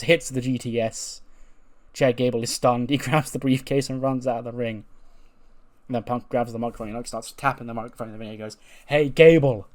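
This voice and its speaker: A man casually recapping scenes from a wrestling simulation game, chuckling as he retells them. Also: medium pitch. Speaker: game streamer.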